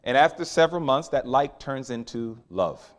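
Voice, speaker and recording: A man preaching a sermon, animated and storytelling, with sudden loud peaks. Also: mid-range voice, moderate pace.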